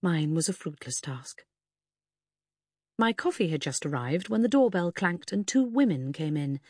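Woman storyteller, measured narration, husky tone, dry close sound. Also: fairly low pitch, lively intonation, a little mellow, no room sound. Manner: measured storytelling, voicing each character. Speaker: audiobook narrator. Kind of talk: scripted narration.

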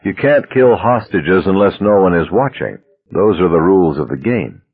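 A man reading a story aloud, voicing a tense male fugitive who speaks with soft, tense mockery. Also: low voice, expressive, moderate pace, husky, exaggerated voice. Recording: dry tinny phone-like sound.

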